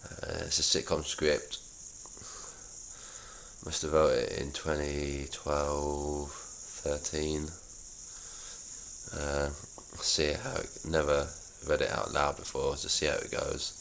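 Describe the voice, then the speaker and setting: A young man reading his own old script aloud in a flat, halting way, with self-mocking asides. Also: a bass voice, vocal fry, a little hiss or hum.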